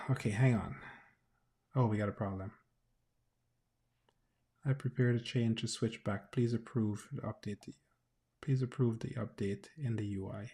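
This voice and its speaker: A man live-streaming his coding session, thinking aloud in casual commentary, often restarting sentences and breaking in with quick exclamations. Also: medium pitch, a little mellow. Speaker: developer livestreaming.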